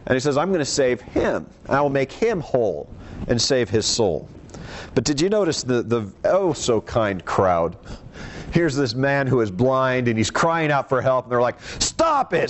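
A man's voice: medium pitch, slight background noise. A man preaching a sermon, reading scripture aloud and explaining it in a conversational way. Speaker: pastor.

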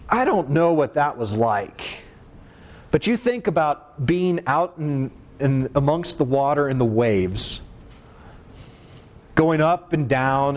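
A man with a slightly mellow voice earnestly preaches a sermon and reads scripture aloud. He poses rhetorical questions and goes low and slow to drive his points home.

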